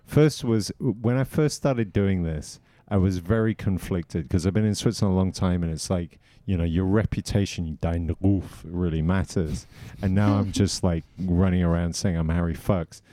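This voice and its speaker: A man's voice: sits low, normal speed, hardly any pauses, no echo. A man who co-hosts a comedy podcast, telling casual stories with plenty of swearing. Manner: swearing storyteller, animated when quoting people. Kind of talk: casual chat.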